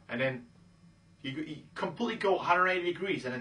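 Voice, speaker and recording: A dating coach, male, gives casual instructional talk on dating, breezily acting out pickup lines in quoted voices and checking in with "okay?" again and again. His voice is medium in pitch and sharp in tone, a little fast, and sounds far from the mic.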